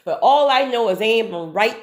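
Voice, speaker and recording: A woman telling a personal story in a casual, animated monologue, often repeating words for emphasis and speaking straight to the viewer. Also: a little high, normal speed.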